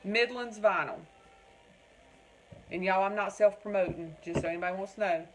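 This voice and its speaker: In poor audio with slight background noise, a Southern-accented woman from North Carolina hosts a casual crafting livestream from home at normal speed in a mid-range voice. Rambling and chatty, she reads viewers' comments out and keeps calling them "y'all."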